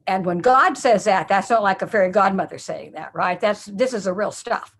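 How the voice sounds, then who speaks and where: An older woman telling a Bible story to children in a lively way, often asking them questions. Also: medium pitch, unhurried, gravelly, husky. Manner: animated, asks children questions.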